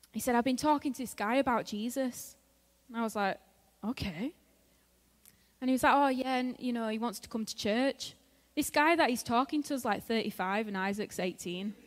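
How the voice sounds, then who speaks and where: Chatty woman preaching in a reverberant church. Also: on the high side. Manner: conversational, laughs often, acts out quoted friends. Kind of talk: sermon. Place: church hall. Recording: long hall reverb.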